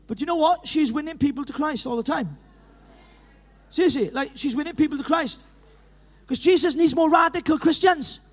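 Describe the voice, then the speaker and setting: A middle-aged man with a Welsh accent from Llanelli, preaching an animated evangelistic sermon in a church hall, full of stories and urgent calls. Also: extremely high pitch, normal speed, pauses often. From Wales. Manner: animated, storytelling with laughs, rising to urgent calls. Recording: reverberant hall.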